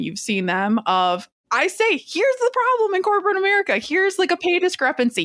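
A woman's voice: mid-range voice, fairly bright tone, no echo, studio quality. A young adult woman hosting a casual interview, talking in a chatty, filler-heavy way and quoting people with lots of animation. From Metro Detroit area.

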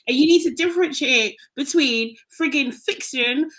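High-voiced woman ranting on a podcast, blunt, swears a lot. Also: normal speed, fairly bright tone. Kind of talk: casual chat.

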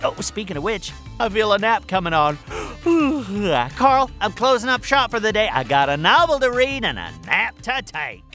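An actor voicing a small, furry, boastful creature who hosts a listener mailbag show in a scripted children's audio comedy, excitable and easily flustered. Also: medium pitch, normal speed, faint music behind. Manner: excitable, chatty, easily flustered, lively sing-song delivery.

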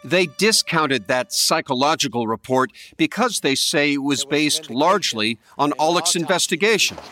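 A man's voice: fairly high pitch, animated, moderate pace, sharp tone. Man narrating a crime documentary over music. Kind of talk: scripted narration. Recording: music bed under the voice.

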